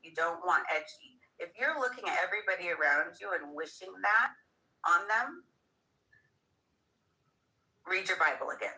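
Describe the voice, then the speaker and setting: A woman from Hawaii, slightly hoarse, talking casually as a guest and musing with many fillers. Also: lowish voice, expressive, normal speed, pauses often, sharp tone, poor audio. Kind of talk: casual conversation.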